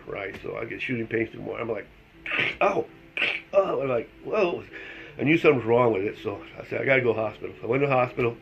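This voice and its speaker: Middle-aged guy rambling thru a story at home, laughs a lot, dull lo-fi sound. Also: medium pitch. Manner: chatty, laughs through his story, acts out the dialogue. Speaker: vlogger telling a personal story. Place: at home with his dogs.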